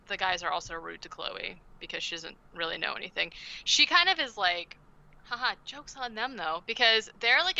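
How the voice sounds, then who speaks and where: Woman podcast co-host, bright clear voice, sarcastic movie recap. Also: lowish voice, highs cut off. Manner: sarcastic, swearing, acting out quotes in silly voices. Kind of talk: casual movie recap chat.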